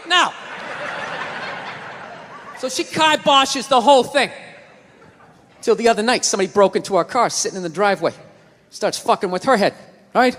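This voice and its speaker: A male stand-up comedian ranting explosively through a set, shouting at times. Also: very high voice, moderate pace, pauses often, long reverb tail, a little hiss or hum.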